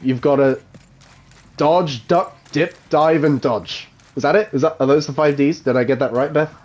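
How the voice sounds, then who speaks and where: A man's voice: fairly high pitch, normal speed, darkish tone. A man chatting casually while live-streaming a game, laughing often and swearing offhandedly. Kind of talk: casual live gameplay commentary.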